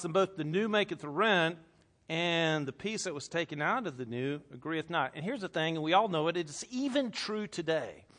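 A male pastor delivers a lively sermon. His voice sits a little high and rings bright and forceful. He reads scripture with strong emphasis and puts questions to the congregation.

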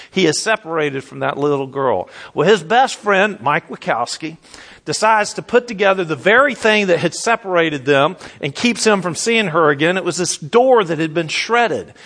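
A man preaching a sermon. He speaks in a relaxed, folksy way and stretches out the words he wants to land. His voice sits a little higher than most men's. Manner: conversational, folksy, slows down for emphasis. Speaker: pastor.

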